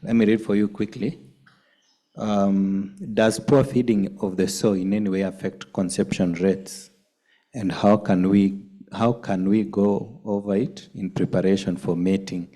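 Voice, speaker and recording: A man's voice: lowish voice, fairly even intonation, measured pace, mellow. A man moderating a training session, reading out questions from participants.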